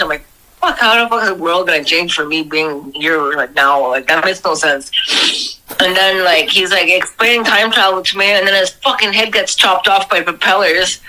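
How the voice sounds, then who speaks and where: A woman's voice: on the low side, moderate pace, poor audio. A young woman casually retelling a strange dream on a podcast, swearing freely and acting out the people in it. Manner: profane, animated retelling of a dream. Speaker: podcast storyteller. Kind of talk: casual storytelling.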